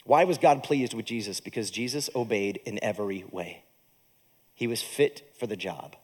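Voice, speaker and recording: A man preaching a sermon as a pastor in a church, with animated delivery and joking asides to the congregation. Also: lowish voice, moderate pace, breathy edge.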